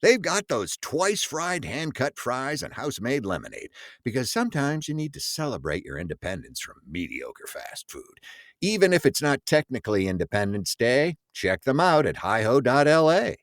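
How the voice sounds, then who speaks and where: Guy cohosting a podcast, super animated up and down, jokey, dips into goofy voices now and then. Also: medium pitch, dry recording, studio quality. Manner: playful, slips into quick put-on voices. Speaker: podcast co-host. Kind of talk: casual scripted podcast banter.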